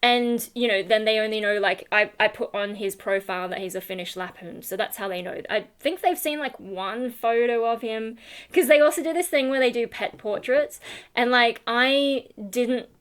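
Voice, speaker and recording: Woman vlogger, slightly high voice, loose rambling chat full of fillers. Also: moderate pace, fairly bright tone. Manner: chatty, rambling with many fillers and restarts. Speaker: YouTuber. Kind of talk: casual vlog chat.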